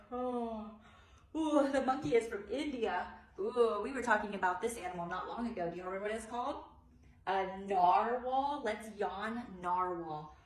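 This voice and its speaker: Her voice on the high side, an animated early childhood teacher performs a picture book in a musical sing-song, stretching out big theatrical yawns. She pauses between pages to share hands-on advice with fellow teachers, and the spacious room echoes around her.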